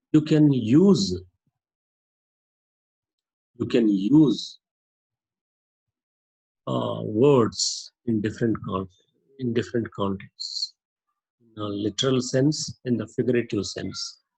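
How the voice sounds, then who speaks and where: A man teaching English, walking through how to read a dictionary entry. He speaks very slowly, repeating phrases and pausing on "uh" as he explains. His voice is mid-pitched with a husky edge. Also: dark tone, poor audio. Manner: slow, repetitive explaining with frequent "uh" fillers. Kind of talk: classroom-style lesson on using a dictionary.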